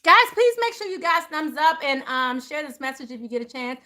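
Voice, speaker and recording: A woman's voice: sits high, brisk. A woman hosting a casual livestream, telling a story with lots of laughter and answering viewer comments. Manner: animated, laughing, reads viewer comments aloud. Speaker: spiritual livestream host.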